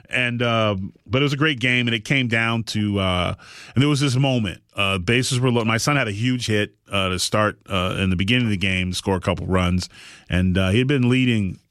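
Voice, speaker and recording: A man hosting a podcast, telling a long story in casual chat, animated and rambling with frequent restarts. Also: lowish voice, brisk, dry recording, studio quality. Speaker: podcast host.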